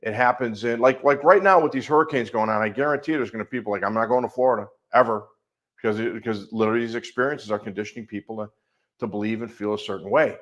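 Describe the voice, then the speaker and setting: A middle-aged life coach with a Midwestern American accent talks through a coaching call in a somewhat low voice. He is emphatic and builds his points from long, repeated lists. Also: quick pace.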